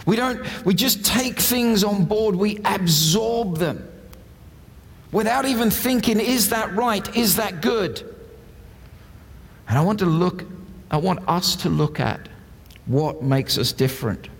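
A man's voice: high-pitched, lively intonation, unhurried, gravelly, big-room sound. A man preaching a sermon in a conversational, self-deprecating way, telling funny stories before turning to scripture. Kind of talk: sermon with humorous anecdotes.

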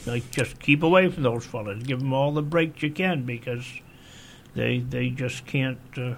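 Male, casual chat, measured and cautionary, occasional stammer. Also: medium pitch, creaky, a little hiss or hum. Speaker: fellow sailor in conversation.

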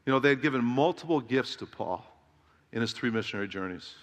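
Animated and fairly quick, a middle-aged Southern Californian pastor drives his sermon home with emphatic rhetorical questions aimed at the congregation. His voice is mid-range and fairly bright, ringing with the long reverb of a large hall.

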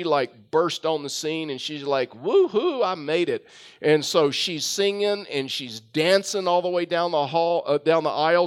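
A man's voice: on the high side, clear, resonant tone. A man preaching a sermon, telling a story with frequent fillers and restarts. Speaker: pastor.

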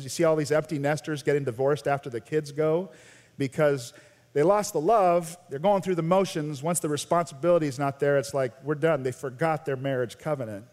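An American man preaching a sermon as a pastor, animated, swinging between loud emphasis and quiet intensity. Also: fairly high pitch. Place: large church sanctuary. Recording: long church reverb.

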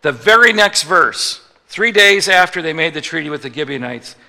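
A man's voice: on the high side, expressive, normal speed, gravelly, bright, forceful tone. A man preaching a sermon as pastor, joking with the congregation and acting out little voices for the people he quotes. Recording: long reverb of a large hall.

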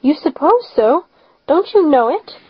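A stern older spinster with a sharp, scolding tongue, as a woman reading a storybook puts her on. The voice sits fairly high, dry and close, with a slightly dull lo-fi tone. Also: normal speed, husky, no room sound.

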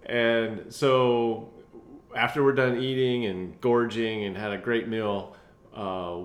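A man telling a travel story in a casual chat, animated and laughing often. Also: medium pitch, slow pace. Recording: roomy echoey room.

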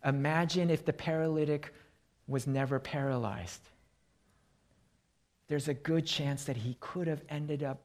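A man preaching a sermon as pastor, telling illustrative stories and dropping into quiet emphasis on key points. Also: mid-range voice.

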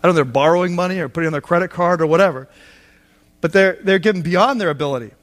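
High-voiced man preaching conversationally. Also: very fast. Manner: conversational, explains with asides and acted quotes. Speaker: pastor. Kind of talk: sermon.

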